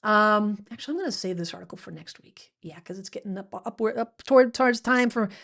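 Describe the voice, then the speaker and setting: A woman's voice: medium pitch, quick pace, vocal fry, a bit bright. Chatty woman hosting a livestream. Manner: chatty, rambling, reads viewer comments. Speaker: livestream host. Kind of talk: casual livestream chat.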